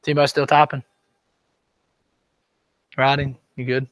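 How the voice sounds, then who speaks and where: A man's voice: medium pitch, level tone, normal speed, a bit bright, no echo. A man teaching a history lesson to his class in a classroom, talking in a loose, conversational way and often checking whether students are keeping up. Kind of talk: classroom lecture.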